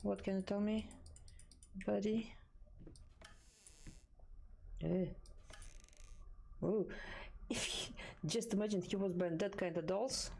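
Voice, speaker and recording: A woman's voice: medium pitch, slow, gravelly, long pauses, a little mellow. A woman chatting through a horror game as a streamer, talking to the game and her viewers in a bemused way. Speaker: gaming streamer. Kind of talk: live horror game commentary. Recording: game ambience noise behind.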